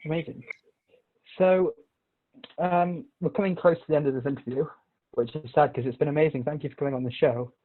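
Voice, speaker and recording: A man's voice: fairly high pitch, steady tone, a little fast, long pauses. Enthusiastic male host on a tinny line. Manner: friendly, enthusiastic questioner. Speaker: interview show host. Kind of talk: casual interview chat. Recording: tinny phone-like video call audio.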